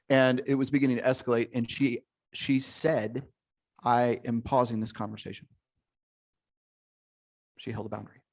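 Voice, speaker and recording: Gravelly-voiced man hosting a workshop. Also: medium pitch. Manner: conversational, encouraging, addresses participants by name. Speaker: workshop host. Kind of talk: casual coaching talk to an online group.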